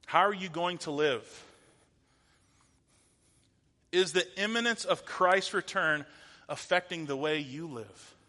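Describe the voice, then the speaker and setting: A man's voice: fairly high pitch, slow pace, long pauses, bright, forceful tone. A man in his thirties giving a conversational sermon as a pastor, asking the audience rhetorical questions. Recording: long hall reverb.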